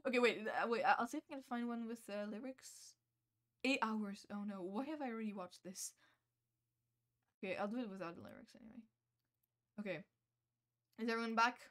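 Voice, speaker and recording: Giggly high-voiced woman streamer. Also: fairly quick, pauses often. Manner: giggly, playful and self-mocking, reacting loudly. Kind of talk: casual live-stream chat while gaming.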